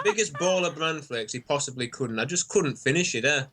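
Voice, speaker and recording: Animated English man telling stories. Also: a little high, fast, hardly any pauses, very noisy. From England. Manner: animated storytelling, swears casually. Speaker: caller. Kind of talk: casual comedic chat.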